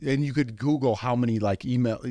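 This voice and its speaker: A man in his forties co-hosting a casual podcast, talking in a loose, rambling way full of "like" and "you know." His voice sits at a middle pitch. The sound is dry and close, with no room around it. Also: a little fast, warm tone, no echo. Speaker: podcast co-host. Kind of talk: casual chat.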